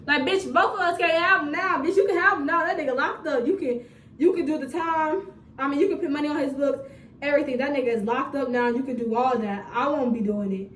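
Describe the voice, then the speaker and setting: A young woman telling a storytime vlog in a casual, animated, profane way with laughing asides, filmed on a phone. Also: sits high, fairly quick, slight background noise. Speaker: storytime vlogger. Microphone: phone camera. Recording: roomy phone recording from a distance.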